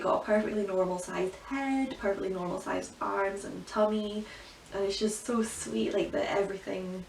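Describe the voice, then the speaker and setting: Chatty young woman with a gravelly edge. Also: fairly low pitch, darkish tone. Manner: chatty, emotional, many "like" fillers. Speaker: vlogger. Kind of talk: casual pregnancy update vlog. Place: bedroom at home. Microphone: camera from some distance. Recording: roomy, distant, faint hiss.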